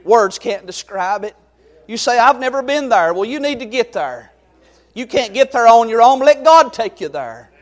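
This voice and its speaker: Fervent preacher with a high voice. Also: male voice, very animated, normal speed. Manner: fervent, swings from loud exhortation to quiet storytelling. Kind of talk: sermon.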